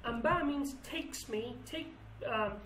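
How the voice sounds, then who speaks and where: A woman with Kurdish as her first language teaches the words of a song in English, pausing to search for words and often starting sentences over. Her voice sits fairly high. The room is echoey, with a faint hiss behind her. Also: a bit bright, distant mic. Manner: thinks aloud, restarts phrases, searches for English words. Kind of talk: explaining song lyrics.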